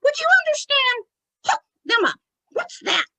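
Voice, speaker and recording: A woman voicing an excitable, childlike male spirit who eagerly repeats yes and asks naive questions. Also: very high-pitched, unhurried, gravelly, dry recording, voice pushed up, full character voice.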